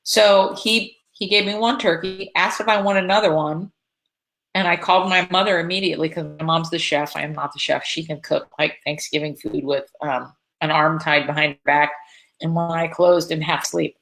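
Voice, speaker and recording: A woman from Florida chatting to camera, telling a personal story in a casual, animated way, with lots of fillers and restarts. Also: sits low, normal speed, poor audio. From Florida, USA. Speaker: vlogger.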